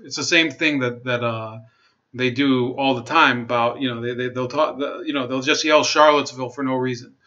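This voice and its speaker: A man giving casual commentary, reading an article aloud and rebutting it with halting restarts and wry asides. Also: medium pitch, fairly even intonation, bright, forceful tone. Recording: dull lo-fi sound.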